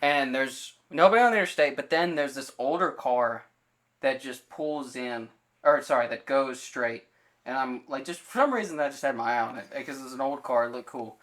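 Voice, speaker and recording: A man's voice: medium pitch, normal speed, fairly bright tone. A man co-hosting a podcast in casual chat, telling a story and acting out the quoted lines of everyone in it, with loose fillers and self-corrections. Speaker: podcast co-host.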